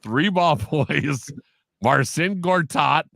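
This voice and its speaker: Lively animated man telling stories. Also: fairly high pitch, slow, gravelly, no room sound, studio quality. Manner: animated storyteller, acts out quotes, laughs often. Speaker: podcast guest, sports broadcaster. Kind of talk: casual storytelling in an interview.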